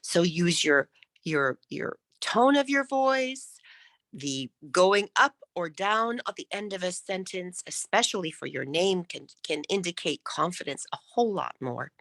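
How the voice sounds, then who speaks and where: Woman speaking coach, crisp diction, lively swoopy pitch, dry close video call sound. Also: measured pace, no room sound. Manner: crisp, careful enunciation; demonstrates shifts between loud and whispered speech. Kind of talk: online workshop teaching.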